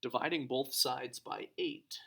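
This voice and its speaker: A man with a gravelly edge to his mid-range voice walks through a math lesson. He talks through each step out loud and works the sums as he goes. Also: medium pitch, a little slow. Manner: talks through steps aloud, thinking as he goes. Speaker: math teacher.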